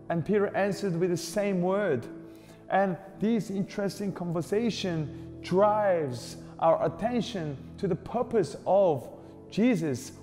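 A man preaching a sermon as pastor, slow and deliberate, stressing repeated questions. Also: a little high. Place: church hall. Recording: reverberant hall with soft music behind.

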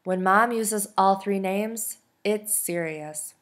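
A woman, a teacher, reading a novel aloud in soft, steady storytelling. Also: mid-range voice, takes it slowly. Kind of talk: audiobook narration.

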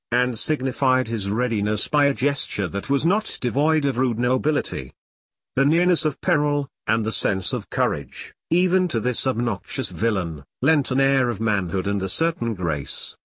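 A man narrating a classic audiobook in a measured, even manner. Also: mid-range voice, husky, no room sound, clean studio sound. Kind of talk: scripted narration.

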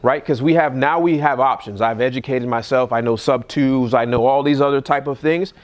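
A man, a real estate investor, giving casual seminar talk at a live event and acting out phone scripts in a lively voice. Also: normal speed. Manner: animated, acts out calls in a higher voice.

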